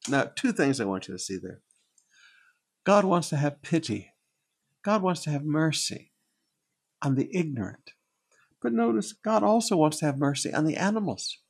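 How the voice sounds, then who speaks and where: A man preaching a sermon, with a gravelly, husky voice, repeating phrases for emphasis. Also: fairly high pitch, big pitch swings, moderate pace, long pauses. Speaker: pastor.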